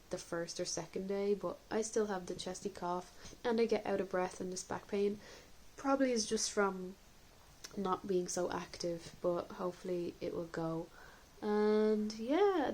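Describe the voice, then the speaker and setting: A woman's voice: mid-range voice, fairly even intonation, normal speed, darkish tone, rough recording. Woman vlogger, candid and chatty, home video diary, the odd cough. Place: indoors at home.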